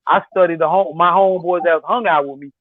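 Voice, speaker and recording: A man's voice: fairly high pitch, fast. A man arguing in a casual group debate, insisting and cutting in often. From Miami. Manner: insistent, keeps cutting in with "bro" and "Zoe". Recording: phone-like tinny line.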